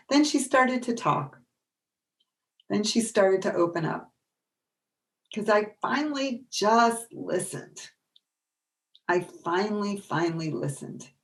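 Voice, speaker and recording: A middle-aged woman presenting a workshop, telling animated stories and acting out the voices of people she quotes. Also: medium pitch. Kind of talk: storytelling lecture.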